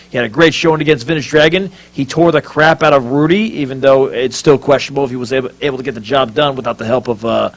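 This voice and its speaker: A man on a wrestling panel giving earnest picks, halting with many fillers. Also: mid-range voice, poor audio. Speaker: wrestling pundit. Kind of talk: panel commentary.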